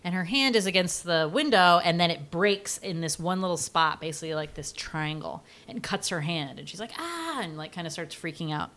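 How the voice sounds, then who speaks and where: Lower-voiced woman recapping a film. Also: fairly quick, few pauses, fairly bright tone. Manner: rambling, filler-heavy storytelling. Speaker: podcast co-host. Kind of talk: casual movie recap.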